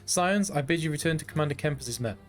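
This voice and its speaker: A man's voice: a little high, animated, fast talker, music in the background, close to an everyday voice. A man reading as a formal military commander.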